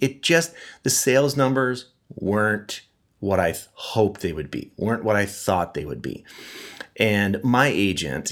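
A middle-aged man with a wheezy voice from a cold, chatting casually as a podcast host and laughing at his own stories. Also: fairly low pitch. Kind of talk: casual monologue.

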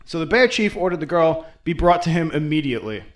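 A man retells a folktale as host, with a fairly high voice and an irreverent, profane, wisecracking delivery. His comedic asides come in a casual talking tone. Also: sing-song, quick pace. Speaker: host and storyteller. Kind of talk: comedic folklore storytelling.

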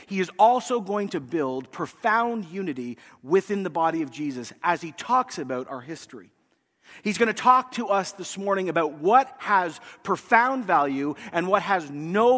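A man preaching to his congregation, easing into his point through a lively anecdote and slipping into the voices of the people he describes. His voice sits slightly high for a man. A long church reverb trails after every phrase. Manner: storytelling, acts out quoted voices. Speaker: pastor. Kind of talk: sermon.

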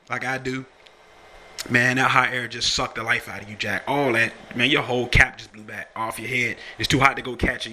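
Animated young man. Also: medium pitch. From Virginia, USA. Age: young adult. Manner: animated, rambling, swears a lot, laughs often. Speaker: podcast host and rapper. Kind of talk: casual profane monologue.

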